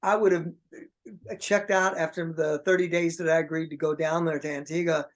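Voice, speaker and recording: A man's voice: on the high side, little pitch movement, brisk. A man being interviewed as a guest musician, telling a long anecdote in a rambling way with many restarts. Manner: rambling, many restarts, acts out quoted voices. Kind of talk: casual storytelling.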